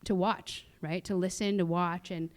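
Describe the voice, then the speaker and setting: Chatty low-voiced woman telling stories. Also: fairly even intonation, moderate pace. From Musqueam community, Canada. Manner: chatty, many fillers and restarts, laughs often. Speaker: guest speaker at a cultural sharing. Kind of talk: casual personal storytelling. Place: theatre stage.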